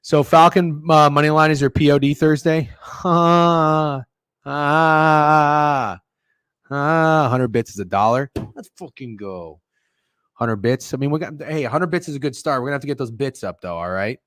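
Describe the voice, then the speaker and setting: Profane, rambling sports-betting stream host. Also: male voice, fairly high pitch, unhurried, clean tone, no echo, clean studio sound. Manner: rambling, profane and joking, with sudden loud outbursts. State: sore throat, coughing. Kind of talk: casual livestream chat reading viewer messages. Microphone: close studio microphone.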